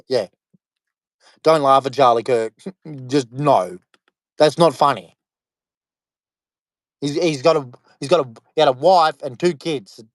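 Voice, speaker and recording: A man with an Australian accent talks in a loose, rambling monologue full of fillers and restarts. His voice sits high for a man and sounds close and dry, with no room around it. He leans hard on his points and slides into preaching. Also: fairly bright tone, no room sound. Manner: rambling, emphatic, many fillers. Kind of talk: casual monologue to camera.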